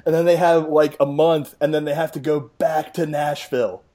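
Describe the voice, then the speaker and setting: A man's voice: fairly high pitch, flat delivery, moderate pace, warm tone. Wry man chatting college football. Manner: wry, chatty, rattles off scores. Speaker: podcast host. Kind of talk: casual sports chat.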